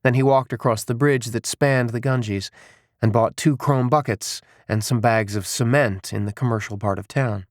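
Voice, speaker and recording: Man reading an audiobook, steady even narration, mid voice, dry close mic. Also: mid-range voice, moderate pace, no echo. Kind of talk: scripted narration.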